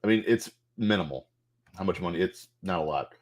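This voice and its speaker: A man with a somewhat low voice talks through a game's menus in a loose, off-the-cuff way, swearing now and then. He thinks aloud as he clicks around, and keyboard clicks can be heard behind him. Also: a little fast. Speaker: gameplay streamer. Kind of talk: casual game walkthrough commentary.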